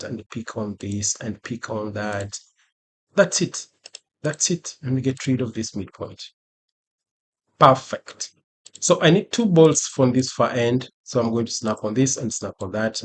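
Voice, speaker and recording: Husky-voiced man teaching a software tutorial. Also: mid-range voice. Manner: chatty, repeats phrases, playful asides. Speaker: instructor. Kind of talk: screen-recorded software tutorial.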